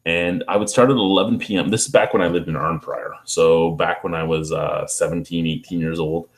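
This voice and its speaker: A man's voice: deep voice, steady tone, brisk. A man, rambling through profane stories in a casual vlog, with lots of restarts. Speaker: beer review vlogger. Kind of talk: casual storytelling.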